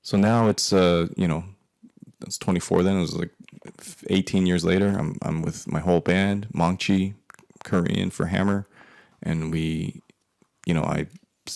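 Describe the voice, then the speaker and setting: Deep, gravelly man in his forties. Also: a little mellow. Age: 40s. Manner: profane, rambling, with muttered asides. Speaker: artist telling a life story. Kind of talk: profane personal storytelling monologue.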